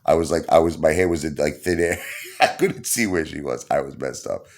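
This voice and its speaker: A man telling a funny personal story in a rambling, animated way, repeating himself and laughing along. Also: rumbling low, brisk. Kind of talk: casual comedic storytelling.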